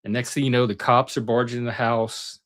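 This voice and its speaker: A middle-aged man on a talk panel casually tells personal stories in an animated way, acting out the voices of those he quotes. He speaks fairly quickly in a mid-range voice.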